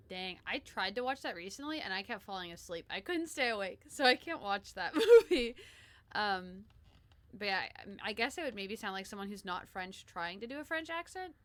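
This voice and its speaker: A woman's voice: medium pitch, a bit bright. A woman streaming a video game, chatting casually and animatedly with lots of giggles. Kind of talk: casual gameplay commentary.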